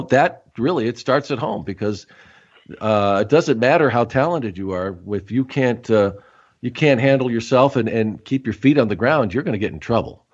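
A man hosting a casual interview, speaking haltingly and encouraging his guest with many yeahs. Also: fairly low pitch. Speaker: host. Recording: dull lo-fi audio.

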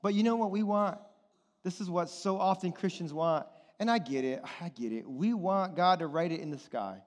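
High-voiced man preaching in a reverberant hall. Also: moderate pace. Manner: animated, many rhetorical questions to the congregation. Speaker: pastor. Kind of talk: sermon. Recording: long reverb of a large hall.

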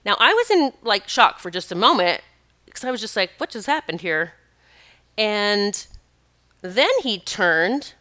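A woman podcast host tells a personal story, drifting off track and correcting herself as she goes. Her voice is bright and crisp, with a clean, resonant tone. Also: medium pitch. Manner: rambling, self-correcting, lively retelling.

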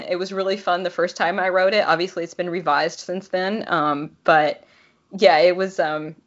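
A woman author reading her novel aloud and then chatting about it, animated and laughing, with many fillers. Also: on the low side, moderate pace, dull audio.

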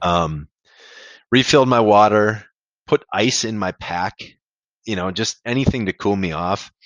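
A man's voice: fairly low pitch, measured pace, fairly bright tone, no room sound, highs cut off. A man being interviewed, telling a candid, rambling story about a hard race, with casual swearing. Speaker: podcast guest, amateur ultrarunner.

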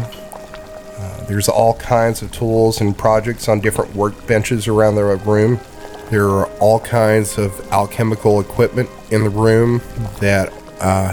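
A man's voice: on the low side, a little mellow. A man narrating a tabletop game as game master, with frequent fillers.

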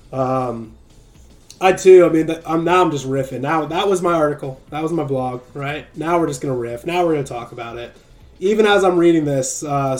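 A man's voice: mid-range voice, darkish tone. A man hosting a livestream and preaching casually, loose and joking, with frequent "right?" tags. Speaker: livestream host.

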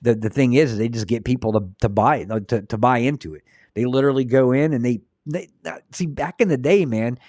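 A man hosts a Christian livestream, offering casual, earnest commentary before leading a prayer, and he often repeats words as he begins a sentence. His voice is medium-pitched and a little mellow. The sound is clean studio audio with no room sound.

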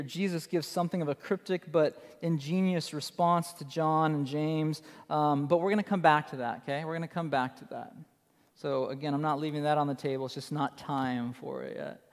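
A man's voice: a little high, steady tone, normal speed, long reverb tail. A man preaching a sermon as pastor, emphatic and conversational, repeating his key phrases for effect.

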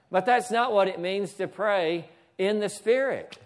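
A man's voice: sits high, animated, unhurried. A man preaching a sermon in a church, often asking "Amen?" and stopping to direct the slides. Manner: preaching with frequent "Amen?" and asides to the slide operator. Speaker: pastor.

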